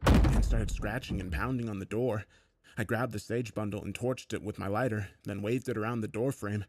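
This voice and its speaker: A man with a fairly low voice narrates a first-person horror story, steady and low-key. The sound is dry and close, with almost no room around it. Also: normal speed, no room sound.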